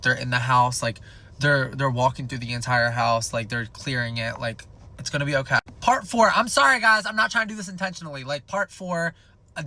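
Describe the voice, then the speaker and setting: A young man telling a comedic storytime in a casual, rambling, profane way, packed with "like". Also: mid-range voice. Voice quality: gravelly fry. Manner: rambling, profane, animated, filled with "like".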